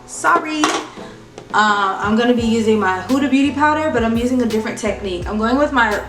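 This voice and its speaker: A chatty woman walks through her makeup in a bouncy, sing-song tutorial voice, pitched a little high. She sits back from the mic in an echoey room, with music playing clearly underneath. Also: recorded from a distance. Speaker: beauty vlogger.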